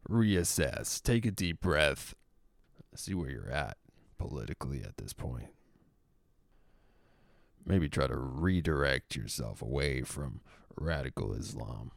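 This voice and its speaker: Very deep, gravelly-voiced male commentator. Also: no room sound, clean studio sound. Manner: sarcastic, mocking, profane asides. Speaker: political commentator. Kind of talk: opinionated commentary monologue.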